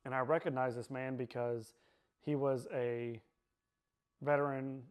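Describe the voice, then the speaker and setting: A man giving a personal testimony in a halting way, repeating himself and often pausing with fillers. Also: mid-range voice, level tone, clear, resonant tone. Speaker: survivor sharing his personal story.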